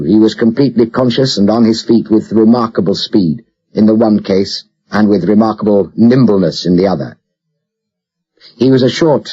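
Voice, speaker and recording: A man narrating an audiobook with a measured, steady delivery. His voice is low and husky, and the recording sounds muffled and lo-fi.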